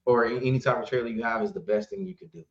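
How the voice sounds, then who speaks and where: Animated man telling trucking stories. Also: mid-range voice, racing, gravelly. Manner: animated storyteller, acts out dialogue, laughs often. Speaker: trucking company owner, guest. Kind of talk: casual storytelling interview. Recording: roomy, slightly dull sound.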